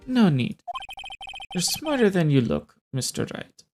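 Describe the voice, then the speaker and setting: Lady doing a smug low-voiced villainess w/ a put-on accent, slow and taunting, music in back. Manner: slow, calm, taunting delivery. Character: cool, smug woman culprit, a producer. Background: game music.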